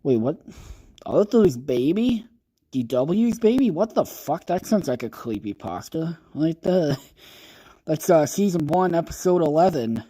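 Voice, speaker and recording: Young male streamer, about twenty, profane and rambling, darker mellow tone. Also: a little high, expressive, measured pace. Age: around 20. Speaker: podcast host reading creepypastas on a livestream. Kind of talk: casual livestream chat.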